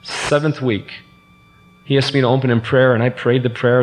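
A man's voice: medium pitch, steady tone, normal speed. A man giving an earnest, sermon-style personal testimony, acting out the quoted voices as he tells the story. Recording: reverberant hall with faint hum.

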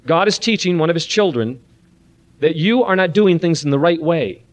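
A man leading a Christian parenting seminar, praying softly and then preaching earnestly and animatedly to a room of listeners. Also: on the high side, moderate pace. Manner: earnest, animated preaching with a soft-voiced prayer. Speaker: seminar speaker. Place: room with an audience.

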